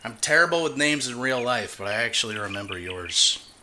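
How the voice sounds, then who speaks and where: A man's voice: mid-range voice, lively intonation, fairly quick, sharp tone, a little hiss or hum. A man live-streaming, chatting casually as he reacts to a video, swearing and laughing often. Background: faint music.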